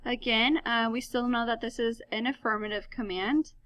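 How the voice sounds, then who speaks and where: A woman walks students through a recorded lesson, upbeat and chatty, posing questions and answering them herself. Her voice sits a bit high and sounds very bright. The recording is close and dry. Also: fairly even intonation, normal speed, dry recording. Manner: upbeat, asks and answers her own questions, many ums. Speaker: high school Spanish teacher.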